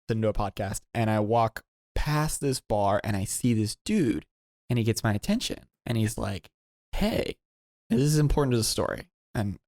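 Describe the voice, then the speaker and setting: A man co-hosting a podcast rambles through a long story, animated and relaxed, and keeps popping into a high voice when quoting others. It's a close, dry recording without any room sound.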